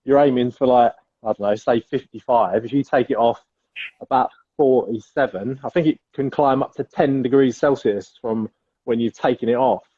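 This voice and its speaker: An English man co-hosts a live barbecue stream in a matey, rambling way, calling everyone "mate." His voice is mellow and slightly husky, recorded dry and a little dull. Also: medium pitch, moderate pace, no echo. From England. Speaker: co-host of a live barbecue show. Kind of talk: casual live-stream chat.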